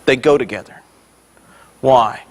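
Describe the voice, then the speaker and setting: A male pastor preaching a sermon with energy, swelling loud on key points and dropping in joking asides to the congregation. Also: medium pitch, a little slow.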